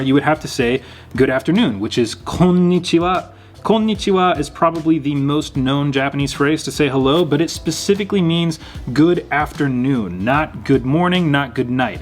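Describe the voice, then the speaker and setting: Patient male language teacher. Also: mid-range voice. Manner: patient, repeats words slowly and clearly. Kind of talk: explaining lesson.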